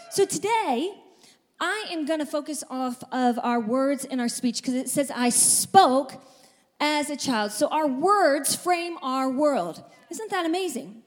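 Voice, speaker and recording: A woman pastor preaching a sermon to a congregation in a church, with energetic, emphatic delivery and repeated phrases. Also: sits high. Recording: reverberant church hall.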